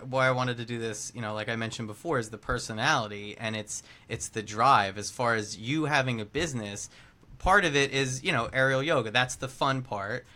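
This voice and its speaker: A man's voice: medium pitch, pushed and bright. A man hosting a podcast, asking curious questions in a playful, joking way. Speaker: podcast host. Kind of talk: casual podcast interview.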